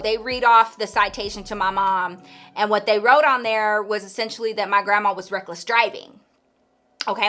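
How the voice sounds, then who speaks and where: High, bright-voiced woman telling a story. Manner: animated, emphatic, chatty. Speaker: YouTuber. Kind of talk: storytime vlog.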